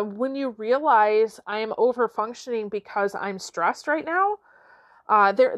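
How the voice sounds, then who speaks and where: A woman's voice: a little high, a bit bright, dry recording. A middle-aged woman giving a conversational motivational talk as a coach, often checking in with "okay?" and "right?" and laughing now and then.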